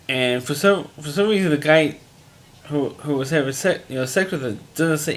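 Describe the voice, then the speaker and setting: Here a TV episode reviewer rambles through a recap, plain-spoken and full of fillers and restarted sentences. He talks at a measured pace in a fairly high, somewhat bright voice.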